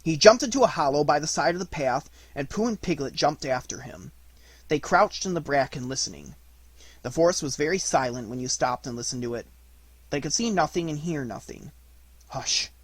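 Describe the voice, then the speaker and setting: A man reading a children's storybook aloud in an expressive narrating voice. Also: a little high, fairly quick, slightly rough, no room sound. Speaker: audiobook reader.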